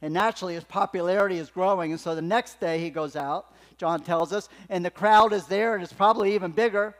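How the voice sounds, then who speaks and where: A man's voice: high voice, a little fast. Emphatic male preacher in a reverberant church. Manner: emphatic preaching, swings from hushed to loud. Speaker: pastor. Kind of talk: sermon. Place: church sanctuary. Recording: long hall reverb in a church.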